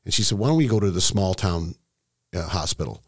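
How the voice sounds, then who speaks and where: A middle-aged man tells a personal story candidly and emotionally, with halting restarts. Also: deep voice, expressive, husky, no echo, clean studio sound. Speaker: estate planning seminar host, guest.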